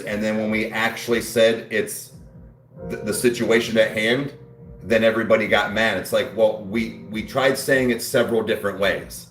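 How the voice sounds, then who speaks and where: A man's voice: on the low side, fairly even intonation, normal speed, a bit bright, echoey room, faint music behind. A man hosting his channel in casual chat, crude and brash, rambling and defiant. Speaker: YouTube channel host.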